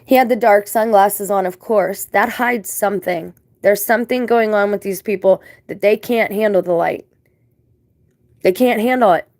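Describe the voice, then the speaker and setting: A vlogger with an average-pitched, darkish voice rambles through a casual video, moving indignantly from one grievance to the next and sprinkling in religious turns of phrase. She speaks at a normal speed, and the dry sound has no room echo.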